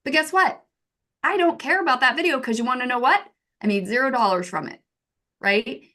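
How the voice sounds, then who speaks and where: A woman in her thirties with a somewhat high voice gives a casual teaching talk. She speaks in a lively, chatty way and keeps checking in with "right?". She often slips into little acted-out quotes. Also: a little fast. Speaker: software co-founder giving marketing advice.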